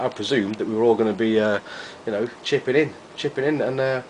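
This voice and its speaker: A man's voice: mid-range voice, fast talker, a little hiss or hum. Effusive rambling man vlogging. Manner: rambling, effusive, repeats himself. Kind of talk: casual chat to camera.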